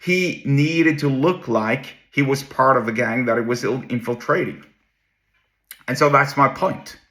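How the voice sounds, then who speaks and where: A man talks casually on his own show, rambling and restarting his sentences as he goes. His voice is bright and forward, and it sits at an ordinary middle pitch. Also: unhurried. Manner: rambling, many restarts and asides. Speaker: host. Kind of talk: casual solo talk.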